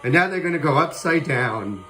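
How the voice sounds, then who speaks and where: A man hosting a livestream, giving playful live commentary on a virtual airshow, excitable and prone to whoops and chuckles. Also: fairly high pitch, moderate pace, slight background noise, low-quality recording. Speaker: livestream host. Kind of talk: playful live commentary on a flight sim show.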